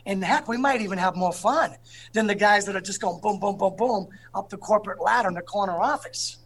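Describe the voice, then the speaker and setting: A man with a husky, breathy edge to his voice talks as an interview guest. He tells his stories with animated energy. He keeps checking in with the listener. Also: high voice, a little fast. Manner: animated, keeps asking "you know what I'm saying". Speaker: guest speaker.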